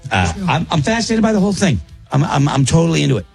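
Gravelly-voiced man hosting radio chat. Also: fairly high pitch, sing-song, fast talker, soft background music. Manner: rambling, easygoing, many fillers. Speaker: radio show host. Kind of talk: casual morning radio chat.

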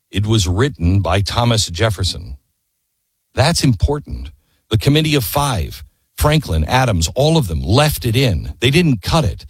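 An impassioned man tells history as a story, earnest and emphatic. He throws out rhetorical questions and presses his listeners to face every part. His husky voice swings widely in pitch, and it sounds dry and close. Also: dry recording. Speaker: history speaker.

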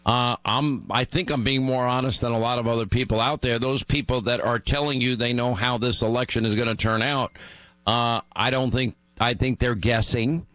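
A hoarse middle-aged man hosting a talk radio show, rambling and repetitive as he talks through his busy day. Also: medium pitch, steady tone, normal speed, a bit bright, dry recording. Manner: rambling, repetitive, self-mocking. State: hoarse from talking all day. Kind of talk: talk radio monologue and banter.

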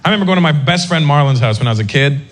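A man doing a stand-up comedy routine on stage, acting out people in quick voices. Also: fairly high pitch. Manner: animated, acts out characters in quick voices. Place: comedy stage with a live audience. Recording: noisy live show recording.

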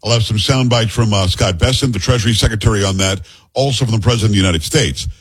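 A man's voice: lowish voice, fast, breathy edge. A middle-aged man hosting a podcast in casual chat, rambling into joking asides and teasing his co-host. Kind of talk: casual talk-show chat.

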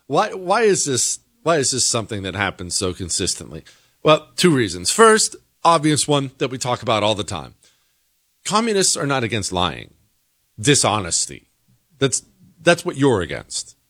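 A man's voice: mid-range voice, wildly swooping pitch, normal speed, a bit bright, dry recording. Guy hosting a commentary show, opinionated and punchy, voice swings up and down, dry close sound. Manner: opinionated, emphatic. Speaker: host. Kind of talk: political commentary monologue.

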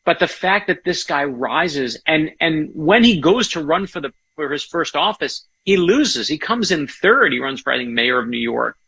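Gravelly, husky man telling stories. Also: a little high, lively intonation, moderate pace, hardly any pauses, sharp tone. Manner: enthusiastic, storytelling. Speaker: author and guest. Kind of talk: casual interview chat.

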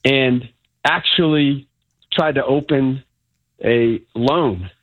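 A man calls in to a radio show over a tinny phone line, husky and mid-pitched. He tells his story emphatically, like a warning. The sound is dry and narrow. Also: slow, no room sound. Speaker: caller.

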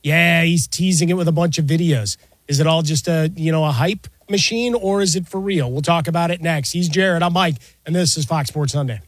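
A man's voice: on the high side, fairly quick, dry recording. A man co-hosting a sports talk show, upbeat and chatty as he leads into segments.

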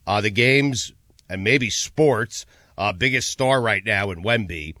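A male sports talk host with a bright, forward tone that sits dry and close on the mic. He talks emphatically, chuckles easily and backs others with quick agreement. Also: on the low side, dry recording, faint music behind. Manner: emphatic, quick to laugh, peppers replies with "yes".

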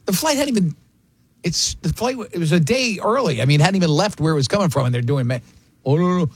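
An older man with a New York accent, hosting a morning radio show in animated, casual banter. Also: on the high side, quick pace, breathy edge. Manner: animated storyteller, slips into impressions.

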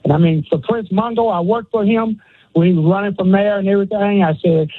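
High husky man on phone. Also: brisk, no echo. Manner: rambling, casual, laughs between phrases. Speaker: radio caller. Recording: tinny phone line.

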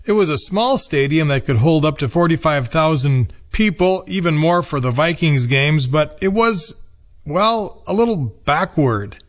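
Fifties guy from minnesota reading his own essay, slightly high voice, calm and wistful. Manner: reflective, nostalgic, measured. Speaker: narrator. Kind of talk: scripted personal essay narration.

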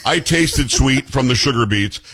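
A man hosting a call-in radio talk show, brash and argumentative, teasing his callers and co-host, with a husky voice. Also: medium pitch, lively intonation, unhurried, a bit bright.

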